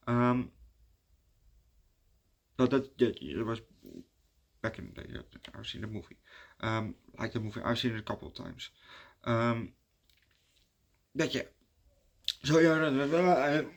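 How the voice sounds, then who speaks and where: Male movie reviewer at a mid pitch, chatting loosely and hesitantly with frequent ums and restarts. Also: a bit bright. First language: Dutch. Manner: rambling and hesitant, many fillers and restarts. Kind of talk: casual spoken movie review.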